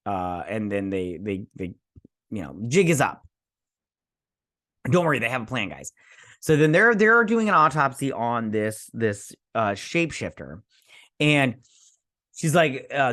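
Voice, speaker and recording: A man giving a casual, rambling recap of a TV episode, chatty, with halting restarts. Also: mid-range voice, fairly bright tone. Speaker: show recap vlogger.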